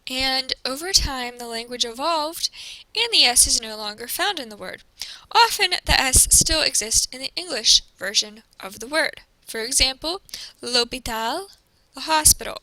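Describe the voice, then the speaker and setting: A woman teacher giving a recorded classroom presentation, explaining slowly and carefully and modeling each pronunciation. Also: high-pitched, expressive, sharp tone, no room sound, poor audio.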